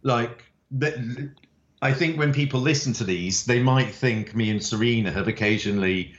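A man's voice: mid-range voice, moderate pace, reverberant, highs cut off. A man, a writer, chatting in an interview and telling stories with many fillers. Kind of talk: interview conversation.

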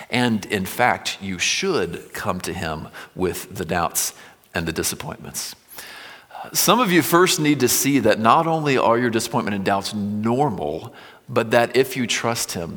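A male pastor preaching a sermon, reading scripture with swelling intensity and dropping low and quiet between passages. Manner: reads scripture with rising intensity, then drops low and quiet. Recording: long hall reverb.

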